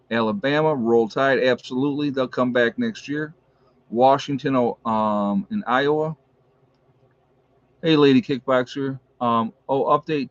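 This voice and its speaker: A man's voice: mid-range voice, no echo. Chatty man hosting a lo-fi livestream. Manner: chatty, reads out viewer shout-outs, opinionated asides. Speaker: livestream host. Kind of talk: casual livestream chat. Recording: dull lo-fi stream audio.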